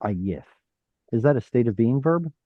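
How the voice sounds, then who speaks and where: A man's voice: on the low side, animated, measured pace, no room sound, phone-quality sound. A man teaching an online Hebrew class, explaining step by step, sounding out letters and correcting himself as he goes. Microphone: video call.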